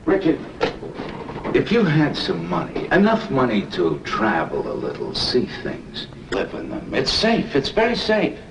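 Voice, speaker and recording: An actor playing an older homeowner who sounds stern and commanding and sometimes swings up into pleading, in 1970s TV movie acting with a hissy old soundtrack. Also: male voice, mid-range voice, wildly swooping pitch, a little slow, vocal fry, heavily acted. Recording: old TV film sound with hiss.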